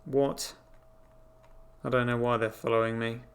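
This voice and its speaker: A man's voice: medium pitch, flat delivery, unhurried. A man hosting a crypto show, giving casual, incredulous running commentary on what he sees on screen, with frequent exclamations. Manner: exclaiming, incredulous, swearing asides.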